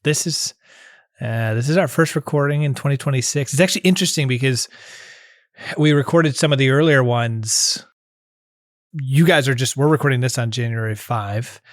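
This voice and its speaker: Male podcast host, mid-pitched voice, relaxed and chatty, dry close recording. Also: normal speed, no room sound. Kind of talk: casual podcast chat.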